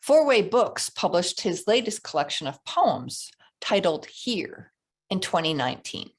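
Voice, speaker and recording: A woman's voice: lowish voice, big pitch swings, measured pace, breathy edge. A woman hosting a literary reading, introducing the next guest in an admiring way. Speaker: event host introducing a guest.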